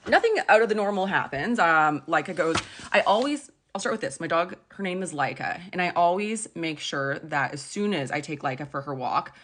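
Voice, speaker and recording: A woman in her thirties telling a story to camera in a chatty, animated way, full of "like"s. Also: lowish voice, moderate pace, a little hiss or hum. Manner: chatty, animated retelling with many "like"s. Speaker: vlogger. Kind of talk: casual storytime chat.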